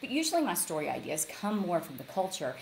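Low-voiced woman telling lively stories. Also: quick pace, slight background noise, poor audio. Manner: animated storyteller, acts out quotes. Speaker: author guest. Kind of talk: casual interview chat. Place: large log cabin lodge. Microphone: video call.

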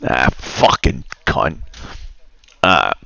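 Man, gravelly, slow-talking, profane grumbling rant while gaming, dry close sound. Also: a bass voice, big pitch swings, sharp tone, dry recording. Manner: grumbling, profane, muttering asides. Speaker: streamer.

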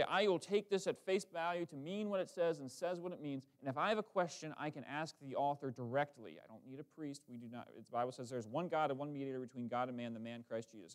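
A man delivers a sermon in a church, his voice sitting a little high for a man. He speaks, keeping it conversational and lively, full of quick asides and self-corrections as he talks to the congregation. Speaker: preacher. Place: church sanctuary.

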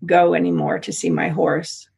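A middle-aged American woman telling a personal story in an interview, halting with frequent restarts. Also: sits low, sing-song, gravelly, darkish tone, husky. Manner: halting, many restarts and repeats. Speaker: interview guest.

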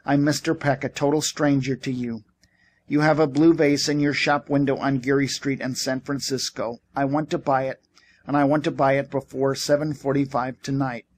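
An irritable young ex-soldier at the end of his rope, played by a man reading the book. He presses every word with exasperated force, in an ordinary middle-pitched voice. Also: level tone, normal speed, close to an everyday voice. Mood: insistent. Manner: shouting, exasperated.

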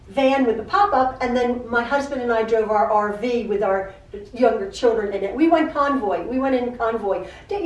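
A woman's voice: a little high, a little mellow. Chatty, stammering middle-aged woman, echoey room. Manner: chatty, repeats herself, stammers and restarts. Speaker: quilting channel host. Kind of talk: rambling personal chat. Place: home sewing room. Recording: echoey room, mic at a distance.

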